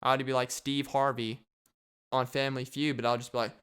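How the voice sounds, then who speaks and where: Solo podcast host, male, smooth clear voice, loose jokey rambler. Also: medium pitch, level tone, brisk, fairly bright tone. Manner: rambling, jokey, riffs and repeats himself. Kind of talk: solo comedic podcast rant.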